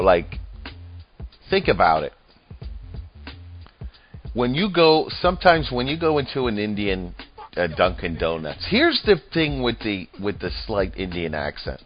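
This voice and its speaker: Low-voiced man in crude comic commentary. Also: big pitch swings, a little slow, long pauses. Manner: rambling, crude and mocking. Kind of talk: profane comedic political commentary. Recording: dull lo-fi audio with faint music.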